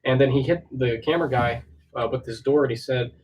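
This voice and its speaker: A man hosting a casual chat, telling stories in an animated way and laughing as he goes. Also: mid-range voice, a little fast. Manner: animated storyteller, laughs while retelling. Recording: distant mic with faint noise.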